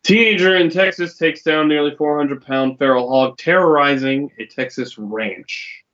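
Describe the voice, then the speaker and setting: A man's voice: a little high, normal speed. Man casually reading news stories aloud. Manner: relaxed, hesitant reading with fillers. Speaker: podcast host. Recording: dull, lo-fi recording.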